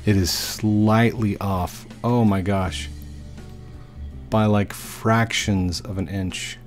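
Low, slow-talking man playing a game. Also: fairly even intonation, soft background music. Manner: easygoing, chatty, talks to himself while building. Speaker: gaming YouTuber. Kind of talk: casual let's-play commentary.

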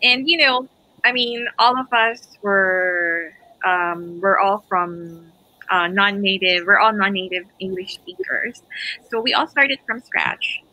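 A Filipino-accented woman, whose first language is Filipino, hosts a live stream over a video call, chatting casually and encouragingly and laughing between phrases. Her mid-range voice is pushed and bright, she speaks slowly, and the recording quality is low.

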